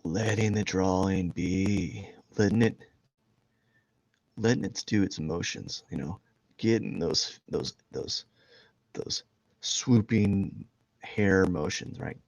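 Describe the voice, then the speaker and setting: Man, live stream artist, casual rambling chat, self-deprecating, gravelly, dry close sound. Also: lowish voice, a little slow, long pauses, darkish tone, no room sound. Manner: rambling, jokey, self-deprecating, laughs a lot. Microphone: headphones and desk mic.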